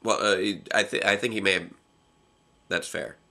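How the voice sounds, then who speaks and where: A man's voice: sits low, fairly even intonation, moderate pace, vocal fry, sharp tone. A young man co-hosting a casual reaction chat, rambling and restarting his sentences and laughing often. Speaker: co-host reviewing episodes.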